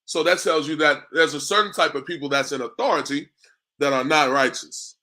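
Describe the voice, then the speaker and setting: A man gives a street sermon in a bright, slightly high voice. His talk is loose and repetitive, full of "man" and "bro". He keeps checking in with his listeners. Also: fairly quick. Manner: repetitive, asks "you understand me?" often; conversational, drops in "man" and "bro". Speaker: street preacher.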